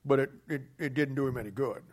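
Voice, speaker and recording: A man preaching a sermon emphatically, voice dropping low and soft at the ends of points. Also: fast talker. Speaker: pastor.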